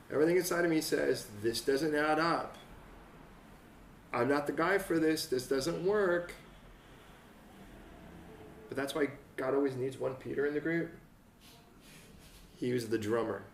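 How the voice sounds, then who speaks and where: A man preaching a conversational sermon as pastor, acting out quotes and building to excited peaks. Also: on the high side, slight background noise. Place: church hall. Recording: roomy church sound from a distant mic.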